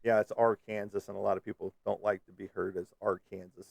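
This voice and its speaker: Host type: male, low and gravelly, loose joking ramble, dry close mic. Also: flat delivery, fast, no room sound. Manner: rambling, joking, lots of fillers. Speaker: live stream host. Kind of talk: casual live chat with viewers. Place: Kansas City area.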